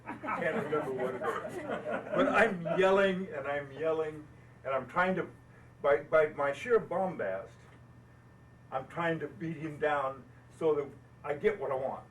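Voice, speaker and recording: At a gathering of boat owners, an older American builder tells folksy stories about his craft, laughing at himself as he talks. He speaks at a moderate pace in a fairly high voice, off the mic, in a low-quality recording with faint ambience and a little hiss or hum.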